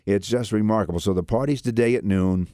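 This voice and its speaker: Deep-voiced earnest radio host. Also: male voice, a little fast, mellow, no room sound, clean studio sound. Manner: rambling, earnest, frequent restarts and fillers. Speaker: radio talk show host. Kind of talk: casual radio talk.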